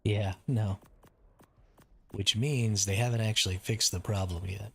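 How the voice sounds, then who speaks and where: Low-voiced American man ranting on stream. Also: steady tone, a little slow, vocal fry, breathy edge. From United States. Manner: frustrated, ranting, swears casually. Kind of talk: casual game stream commentary.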